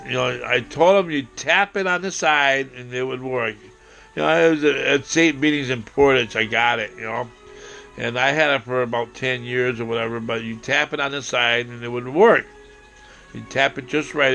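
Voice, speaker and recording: A man telling a rambling, profane personal story, acting out quotes and breaking into shouting. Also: medium pitch, fairly even intonation, fairly quick, creaky, faint music behind.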